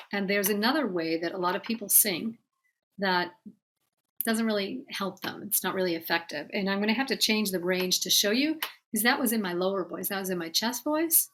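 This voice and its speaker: A woman's voice: mid-range voice, brisk, fairly bright tone, slight background noise. Woman voice teacher explaining singing. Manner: patient, explanatory, talks directly to students; breaks off to sing short demonstrations.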